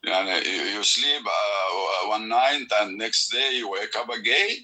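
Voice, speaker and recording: A man in a heated debate, speaking halting, broken English and arguing in a pleading way. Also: lowish voice, sharp tone, low-quality recording. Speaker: debate participant.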